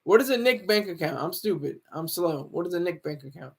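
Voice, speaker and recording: A man's voice: high voice, expressive, a little fast, vocal fry, slightly rough. A man hosting a casual livestream, joking, laughing often and reading viewer comments aloud. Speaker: livestream host.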